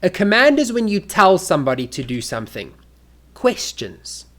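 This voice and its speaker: An English teacher giving a lesson to learners in a clear, deliberate way and acting out spoken examples. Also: medium pitch, big pitch swings, fairly bright tone.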